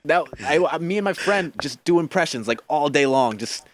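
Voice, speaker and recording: A young man, a podcast guest, chatting casually and telling animated stories full of fillers. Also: fairly high pitch, normal speed. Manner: animated storyteller, many fillers.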